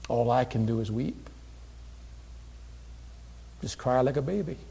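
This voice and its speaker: A man preaching a sermon, earnest, moving from hushed, tender passages to loud, emphatic declarations. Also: mid-range voice, animated, unhurried, creaky, husky. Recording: long hall reverb.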